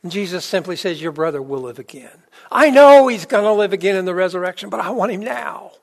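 A man preaching a conversational sermon, with filler words and restarts, who builds to emphatic peaks and then drops low and soft. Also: lively intonation, fairly quick, creaky. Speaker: pastor.

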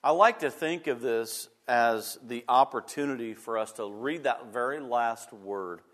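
A man pastor preaching a sermon, emphatic and repeating his key phrases, swinging between loud bursts and quiet moments. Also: medium pitch, unhurried.

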